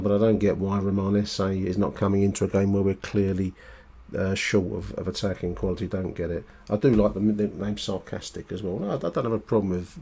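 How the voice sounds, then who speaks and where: Man, podcast host, low voice, casual rambling chat, lots of fillers. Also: vocal fry, a little mellow, breathy edge. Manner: chatty, rambling with fillers and restarts.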